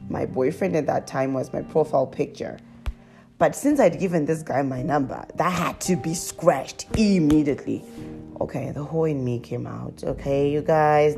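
A woman telling her viewers a confessional story in a chatty, animated way, laughing as she goes. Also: creaky. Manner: laughs often and breaks into high squeals. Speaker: vlogger.

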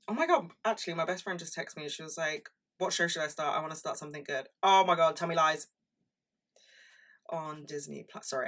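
A woman's voice: on the low side, bright, forceful tone, far from the mic. A woman in her twenties chatting about pop culture, dramatic and sweary, full of asides. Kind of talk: casual chat.

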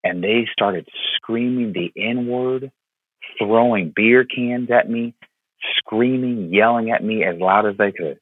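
A Florida pastor in his thirties, appearing as a podcast guest, tells a personal story slowly in a fairly low, slightly rough voice. He's earnest and heartfelt, with lots of fillers and repeated words, and the dry, tinny phone-line sound has no echo.

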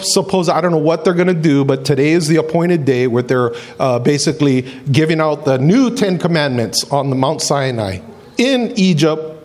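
A man preaching a sermon in an animated way, repeating phrases and acting out quoted voices. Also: a little high. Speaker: pastor.

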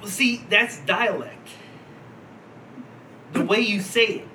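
A man's voice: sits high, slow, pushed and bright, a little hiss or hum, poor audio. A man, co-hosting a podcast in casual chat, rambling, laughing often and swearing. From Philadelphia. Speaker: podcast co-host.

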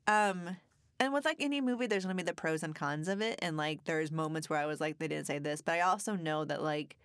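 Chatty woman telling a story, low voice. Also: a little fast, a bit bright, clean tone, no echo, studio quality. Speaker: podcast co-host. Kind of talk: casual chat.

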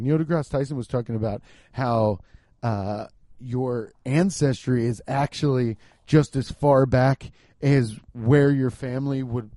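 A man's voice: medium pitch, no room sound. A man from Cincinnati rambling through a casual comedic monologue, swearing and laughing as he goes. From Cincinnati, US Midwest. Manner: rambling, profane, laughs often, animated.

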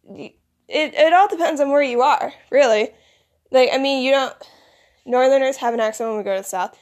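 A woman with a Michigan accent rambles through a casual vlog monologue in a somewhat high voice. She sounds groggy, as if she woke up not long ago. Her talk is loose and full of "like" and "you know". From United States. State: groggy, recently woken. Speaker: vlogger.

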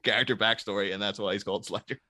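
A man's voice: fairly low pitch, steady tone, rapid-fire, bright, forceful tone, no room sound. A man co-hosting a podcast, chatting casually about a film, joking and laughing often. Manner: jokey, laughing, does goofy voices. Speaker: podcast co-host.

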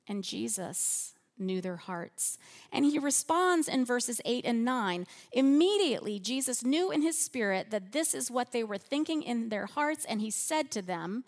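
A woman preaching a sermon in a church, slow and earnest, softening her voice on repeated phrases. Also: fairly high pitch, animated.

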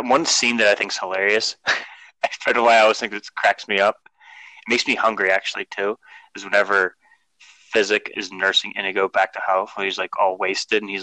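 Bright-voiced man rambling in casual chat. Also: lowish voice, dry recording, poor audio. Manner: rambling, filler-heavy, giggly.

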